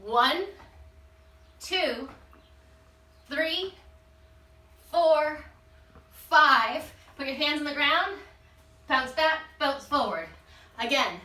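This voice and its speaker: Woman, fitness instructor, out of breath, encouraging, counting reps, high bright voice, roomy sound from a distance. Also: expressive, slow, pauses often. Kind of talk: leading a follow-along workout.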